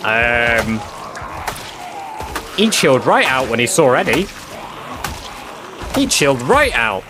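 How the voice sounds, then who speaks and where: A man chatting on a game stream, telling a story in an animated, swearing manner. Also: mid-range voice, slow, background noise. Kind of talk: casual livestream chat. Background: game music.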